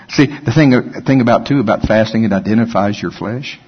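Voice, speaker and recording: A man's voice: mid-range voice, slightly rough. A man preaching a conversational sermon, joking and acting out whiny voices. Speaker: pastor. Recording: dull sound with long hall reverb.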